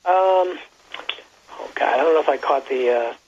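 A man calling into a talk radio show, chatting casually in a rambling, halting way with many restarts. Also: fairly high pitch, noisy background. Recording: muffled lo-fi phone line.

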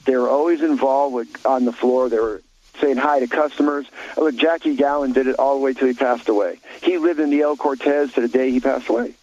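A man's voice: mid-range voice, fairly even intonation, brisk, darkish tone, muffled recording. A man talking in a blunt, opinionated way on a talk radio show, rambling with many restarts.

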